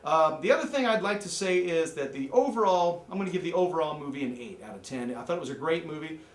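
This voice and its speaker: A man giving a joking, excitable movie review rant, from the American Midwest. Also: on the high side, quick pace, echoey room. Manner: joking, excitable, jumps into mocking voices. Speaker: amateur movie critic.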